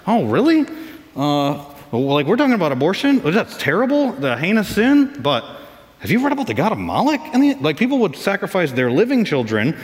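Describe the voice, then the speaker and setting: A man preaching a sermon as pastor, lively and animated, acting out voices for comic effect. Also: high voice, fairly quick. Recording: long reverb of a large hall.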